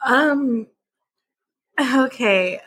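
A woman's voice: high voice, drawn-out words, a bit bright, slightly rough. A young woman co-hosting a podcast in casual chat, playful and giggly, often restarting her sentences. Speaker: podcast co-host.

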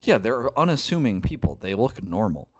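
A man's voice: on the low side, very animated, normal speed, a little mellow, slightly rough, dry recording. A young man co-hosting a podcast, wry and teasing, mocking himself. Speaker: podcast co-host. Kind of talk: casual banter. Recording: dull dry lo-fi sound.

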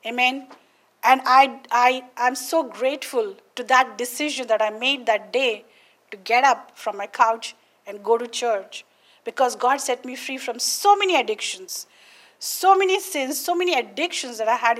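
Woman preacher, higher voice, earnest testimony sermon with frequent calls of "Amen?". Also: normal speed, a bit bright. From India. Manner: emphatic, keeps asking "Amen?" of listeners. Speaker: podcast preacher.

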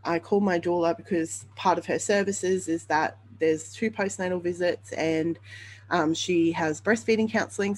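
A woman hosting a podcast shares her birth story in a candid monologue, earnest and open, with frequent ums and self-corrections. Her voice is fairly low and a little mellow, and the recording is low-quality.

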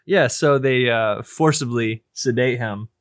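A man's voice: medium pitch, unhurried, no room sound, clean studio sound. A man co-hosting a podcast, rambling through casual film chat, laughing often and swearing. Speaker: podcast co-host.

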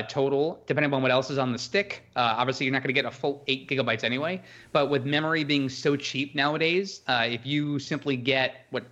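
A man co-hosts a casual podcast chat. He has a bright, forward voice and explains things haltingly, often restarting his sentences. His audio sounds dull and lo-fi. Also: mid-range voice. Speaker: podcast co-host.

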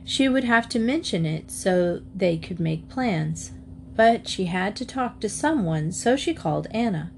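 A woman's voice: medium pitch, lively intonation, unhurried, creaky, a little hiss or hum. Woman reading a children's story aloud. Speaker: narrator.

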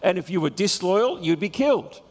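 A man preaching a sermon, retelling a scripture story with lively storytelling and chuckles at his own jokes. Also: sits high, moderate pace, long reverb tail.

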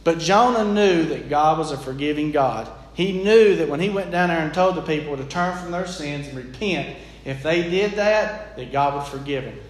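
A man's voice: a little high, moderate pace, hardly any pauses. A man preaching a sermon in an earnest, plain-spoken, folksy way. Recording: echoey room.

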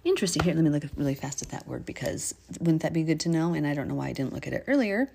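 A woman leads an informal Bible study, her voice sitting a touch low. She talks in a chatty, easygoing way, laughing often. She becomes animated when driving a point home, speaking into a phone. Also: brisk, vocal fry, few pauses. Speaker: Bible teacher. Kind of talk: casual Bible study teaching.

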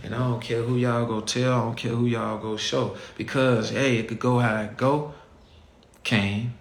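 Chicago dude going off at his listeners, blunt and slangy, mid-pitched voice bouncing around a roomy space. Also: flat delivery, normal speed, gravelly. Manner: blunt, heated, slangy, talks straight to the audience. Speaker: podcast host. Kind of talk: casual rant to listeners. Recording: echoey room with faint ambient noise.

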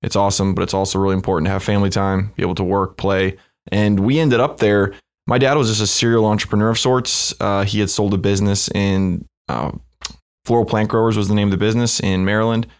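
A young man from the United States with a fairly low voice, appearing as a guest on a casual podcast. His delivery is relaxed and easygoing, and he tells his story in a loose, conversational way. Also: fast talker, clean tone. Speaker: startup co-founder, podcast guest.

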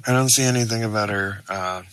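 A man co-hosting a casual comedy podcast, reading out facts in a deadpan way. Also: lowish voice, brisk, no echo, poor audio.

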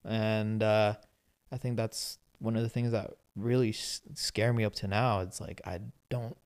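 A young man co-hosting a podcast who talks candidly in casual chat, often halting and restarting his sentences. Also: fairly low pitch, level tone, a little mellow, smooth. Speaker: podcast co-host.

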